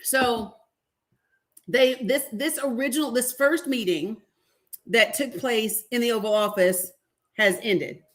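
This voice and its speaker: Animated woman livestream host, slightly high. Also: slow, pauses often. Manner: animated, laughing, swearing, talks to viewers as y'all. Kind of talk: casual commentary reading a deposition.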